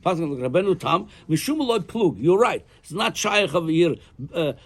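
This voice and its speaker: A man's voice: sits high, moderate pace. A man teaching a Torah class as a rabbi. He often repeats words while he thinks. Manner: animated, repeats words while thinking, mixes Hebrew and Aramaic terms.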